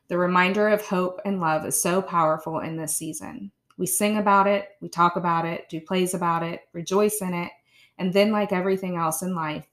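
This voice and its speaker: Woman in her 30s just chatting on her podcast and reading her old blog, kinda low voice, laughs softly. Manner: chatty, self-correcting, with soft laughs. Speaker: podcast host. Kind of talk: casual chat and reading her blog aloud.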